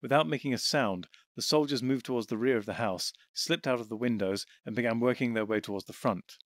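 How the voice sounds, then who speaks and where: Steady male audiobook narrator, dry sound. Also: medium pitch, a little fast, dry recording.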